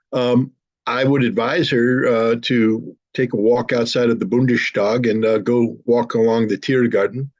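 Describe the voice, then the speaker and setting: A man giving forceful, indignant political commentary as a guest in an online interview. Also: mid-range voice, dry recording, lo-fi sound.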